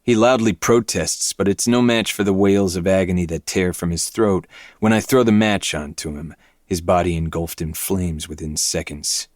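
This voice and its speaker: A man reading a dark novel aloud in first person, with low, intense, brooding delivery. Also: normal speed, dry recording, studio quality. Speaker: podcast host reading a novel.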